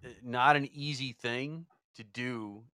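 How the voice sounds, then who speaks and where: A male interviewer speaking in an unhurried, measured way in conversation. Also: mid-range voice, steady tone, sharp tone, clear, resonant tone, no room sound, studio quality.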